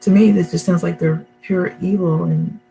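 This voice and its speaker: A woman's voice: on the low side, fairly even intonation, normal speed, gravelly, warm tone, slight background noise, rough recording. A middle-aged woman talking casually to camera at home, rambling and emotional, with many fillers and restarts. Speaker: vlogger. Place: her home, indoors.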